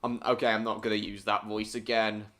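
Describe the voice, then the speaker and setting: Bright-voiced giggly male streamer. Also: lowish voice, little pitch movement, fairly quick. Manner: giggly, silly and self-mocking. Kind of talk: casual live-stream gaming chat.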